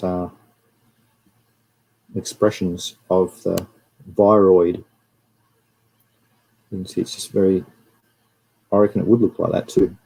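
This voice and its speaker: A man's voice: low-pitched, gravelly, mellow, breathy edge, rough recording. An Australian man hosting a livestream and giving a casual, rambling talk over slides while greeting viewers. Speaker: livestream host.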